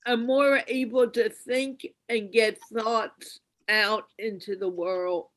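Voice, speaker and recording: Woman host, slow, higher pitch, earnest, encouraging, video call. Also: steady tone, rough recording. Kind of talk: casual panel talk.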